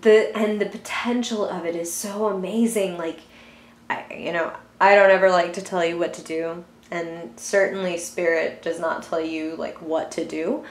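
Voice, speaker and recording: A young woman giving a casual, chatty tarot reading, full of filler words and giggles. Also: on the low side. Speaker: tarot reader. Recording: echoey room.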